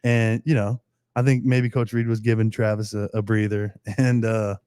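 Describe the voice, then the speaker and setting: A man, a football player guest, chatting casually on a podcast and telling animated stories. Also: lowish voice, moderate pace, clear, resonant tone, dry recording, studio quality. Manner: animated storytelling with acted-out quotes. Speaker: pro football long snapper guest.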